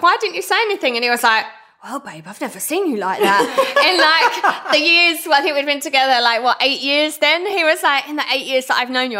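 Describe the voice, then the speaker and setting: A British woman in her thirties talks as a podcast guest, her voice bright and forward. She recounts stories in a loose, animated way, with "like" scattered all through. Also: high voice. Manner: chatty and animated, heavy use of "like". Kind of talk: casual storytelling chat.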